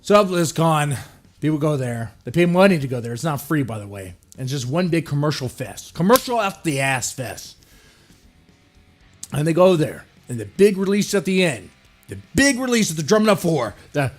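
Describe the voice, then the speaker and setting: Give me a profane, mocking male podcast host on a rant, a little high-pitched. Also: very animated, normal speed, soft background music. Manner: crude, profane, mocking rant with sudden shouted impressions. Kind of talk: ranting solo podcast commentary.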